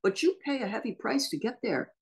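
A woman's voice: fairly high pitch, very animated, a little fast, gravelly, poor audio. Emotional woman sportscaster recalling stories. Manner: emotional, storytelling. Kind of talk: panel discussion.

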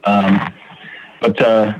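A man's voice: fairly low pitch, flat delivery, very slow, muffled recording, a little hiss or hum. A man sharing his recovery story on a podcast, speaking earnestly and restarting his sentences often as he thinks aloud. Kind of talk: reflective recovery podcast talk.

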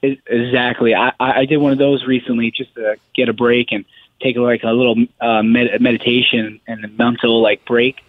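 A man's voice: medium pitch, level tone, normal speed, dry recording. A man calling in as a guest fighter, telling stories in a chatty way and laughing as he talks. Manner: chatty storyteller, laughs through his telling. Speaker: phone-in caller. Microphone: phone. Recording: phone line.

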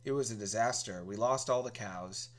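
A man's voice: on the low side, moderate pace. A man telling a rambling comic story in a talk show, interrupting himself and sounding incredulous. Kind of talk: comedic storytelling chat.

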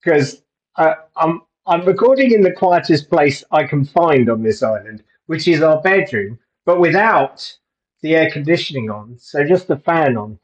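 A man's voice: a little high, animated, normal speed, dull audio. A man co-hosting a casual podcast chat, laughing easily and teasing, recorded on a phone from a hot bedroom. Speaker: podcast co-host. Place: hot bedroom abroad with fan on. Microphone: phone over internet call.

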